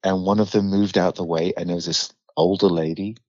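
A middle-aged man with a British accent, a podcast guest, talks candidly through a story, bluntly and vividly, with free swearing. His voice sits low and steady with a darkish tone, a little fast, in a slightly dull, dry recording.

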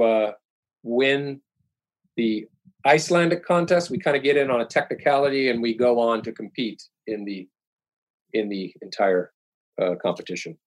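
A middle-aged man chats casually as a podcast guest, at an ordinary middle pitch. He rambles through his stories, stopping and restarting with plenty of fillers. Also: poor audio. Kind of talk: casual chat.

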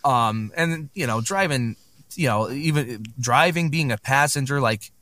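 A man's voice: medium pitch, expressive, a little slow, pushed and bright. A man chatting casually on a podcast, telling a long story with many fillers and restarts. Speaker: podcast guest.

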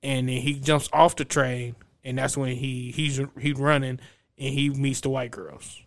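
A man's voice: mid-range voice, unhurried. Young man, casual chat, rambling profane movie recap, acting out the lines. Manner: profane, animated storytelling with acted-out quotes.

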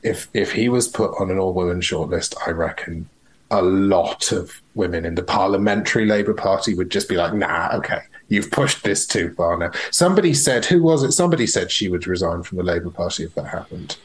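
A man in casual podcast chat, emphatic and quick to argue back. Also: low-pitched, expressive, husky, rough recording.

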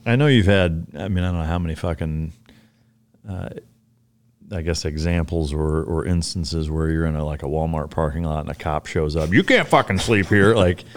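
A man hosting a podcast, with a very low-pitched voice. He keeps things laid-back, drops short agreements, and asks loose, profane questions. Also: fairly even intonation, moderate pace, darkish tone. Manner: laid-back, brief interjections. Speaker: podcast host. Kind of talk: casual conversation.

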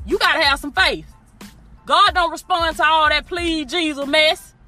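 A woman's voice: high-pitched, normal speed, bright, forceful tone, soft background music. A woman preaching informally and emphatically, repeating her phrases and talking straight to her listeners. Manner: emphatic, repeats phrases, addresses listeners directly with y'all and baby. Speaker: motivational preacher.

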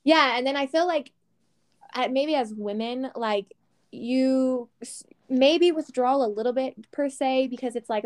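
Chatty higher-voiced woman. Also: measured pace. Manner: chatty, frank, swears lightly, laughs often. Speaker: podcast co-host. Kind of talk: casual chat.

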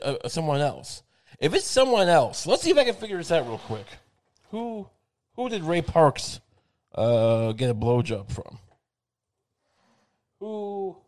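A man's voice: mid-range voice, darkish tone. A man delivering a rambling comedic monologue in a sardonic, crude tone. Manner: rambling and sardonic, with frequent fillers and crude swearing.

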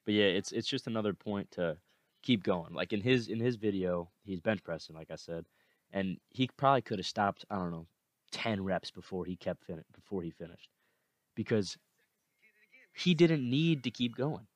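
Earnest young man, low dry voice. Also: moderate pace, dry recording. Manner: earnest, repetitive, fired up. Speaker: podcast host. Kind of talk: motivational podcast monologue.

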